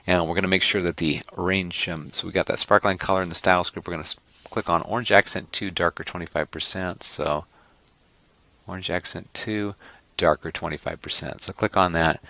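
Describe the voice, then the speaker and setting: A man instructing an online class through a screen-recorded software tutorial, rambling and correcting himself with joking asides to his students. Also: low voice, fairly even intonation, fairly quick, vocal fry.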